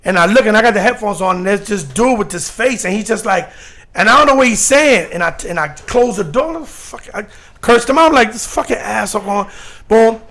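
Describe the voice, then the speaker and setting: A man DJ on a radio show, telling a story in an animated way and acting out what people said. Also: high-pitched, a little fast. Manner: animated storyteller, acts out quotes. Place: radio studio.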